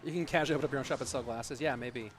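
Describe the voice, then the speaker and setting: A young American man casting an esports match live, chatting with viewers in a rambling way with lots of fillers, then breaking into loud, excited play-by-play. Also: medium pitch, very fast, faint music behind. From United States. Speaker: esports caster. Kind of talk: livestream commentary and chat.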